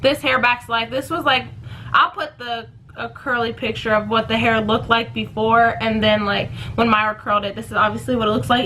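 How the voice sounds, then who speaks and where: Chatty young woman vlogger, bright voice. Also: fairly high pitch, fairly even intonation, quick pace, slight background noise, poor audio. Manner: chatty, rambling, self-correcting. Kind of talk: casual giveaway vlog.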